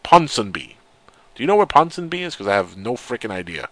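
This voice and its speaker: A man's voice: mid-range voice, very animated, fairly quick, fairly bright tone, no room sound. A man hosting a radio talk show, reading a news story aloud and mocking it with sarcastic asides. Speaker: radio host. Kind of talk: casual joking radio chat.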